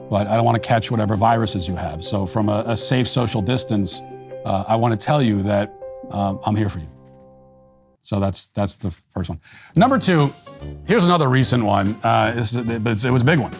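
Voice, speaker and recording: A middle-aged man hosting a commentary show, delivering a deadpan, mock-apologetic sarcastic monologue with bursts of mock shouting. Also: on the low side, a little fast, music in the background. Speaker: commentary host.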